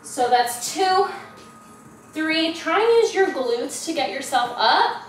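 A young woman fitness vlogger leads a follow-along workout, her high, animated voice coming slowly as she counts reps out of breath, swearing and groaning with effort. The camera picks her up from a distance in an echoey room with music playing behind.

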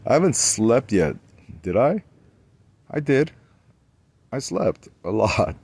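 A man's voice: mid-range voice, big pitch swings, slow, creaky, a little mellow, slightly rough, dry recording. A man in his forties talking on and on from a spa tub, swearing, laughing often and jumping from one topic to the next. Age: 40s. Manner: profane, laughs often, jumps between topics. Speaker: vlogger. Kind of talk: rambling monologue.

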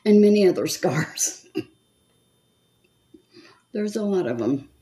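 A woman's voice: mid-range voice, expressive, takes it slowly, mellow. A woman in her seventies doing her makeup on camera, chatting to her viewers and muttering to herself as she works. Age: 70s. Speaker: makeup vlogger. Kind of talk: casual chat while doing makeup.

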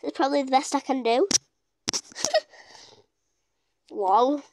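A woman giving casual, excitable gameplay commentary as a gaming YouTuber, gushing with exclamations. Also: high voice, fast talker, background noise.

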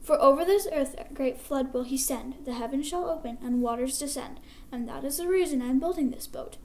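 A woman voicing Noah, a patient, gray-haired old man who speaks earnestly and gently in a rhyming storybook tale. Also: high-pitched, a little fast. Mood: pleading.

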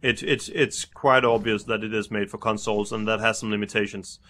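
Young male co-host, bright tone, halting speech with many restarts, casual. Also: lowish voice, steady tone. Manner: hesitant, repeats words while searching. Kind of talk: casual game review chat.

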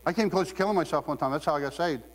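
A man delivers a sermon in a loose, joking way, laughing as he goes. His voice sits a little high. The sound rings with the long reverb of a large hall. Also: rapid-fire. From Ohio. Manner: humorous, conversational, laughing often. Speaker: preacher.

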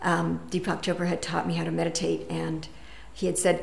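A woman telling a personal story in an unhurried, reflective way, pausing with fillers and restarts. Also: lowish voice, monotone, creaky, reverberant. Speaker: meditation teacher.

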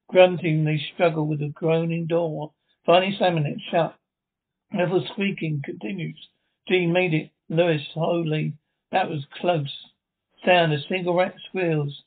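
A man's voice: on the high side, fairly even intonation, measured pace. A man reading a radio drama script aloud, stage directions included, stumbling now and then. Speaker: script reader. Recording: tinny phone-like sound.

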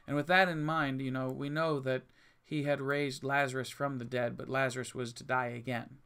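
The pastor's voice here is mid-range, clear and resonant with a slightly bright tone, delivered flatly at a moderate pace. He reads scripture out loud and explains it in plain words, earnest and emphatic, with frequent restarts.

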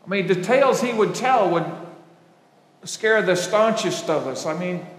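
A man preaches in a high voice, telling stories with swings between loud emphasis and hushed, quiet asides. His words ring out in a large hall with a long, echoing reverb. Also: animated, measured pace. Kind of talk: sermon.

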